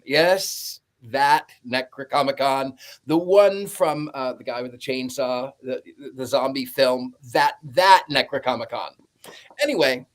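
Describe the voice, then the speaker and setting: A man co-hosting a livestream, retelling a film plot wryly with asides. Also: on the high side. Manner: slow, wry storytelling with asides. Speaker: regular co-host. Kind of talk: casual film synopsis on a livestream.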